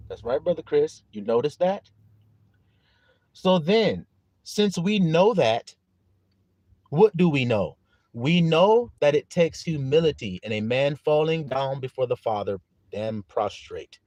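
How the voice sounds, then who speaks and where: A man's voice: a little high, animated, measured pace, darkish tone, no room sound, lo-fi sound. A man preaching a live-streamed sermon. He reads scripture aloud, fires questions at his listeners, greets viewers by name and laughs often.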